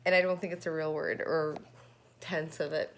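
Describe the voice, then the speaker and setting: A woman's voice: sits low, flat delivery, moderate pace, slight background noise. A woman tarot reader in a rambling, chatty vlog, often stopping to correct herself. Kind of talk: casual tarot reading chat.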